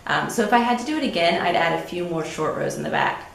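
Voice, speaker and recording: A woman's voice: lowish voice, lively intonation, fast, creaky. Easygoing woman chatting in an echoey room. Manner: easygoing, with frequent ums and light laughs. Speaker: podcast co-host. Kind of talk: casual chat about knitting.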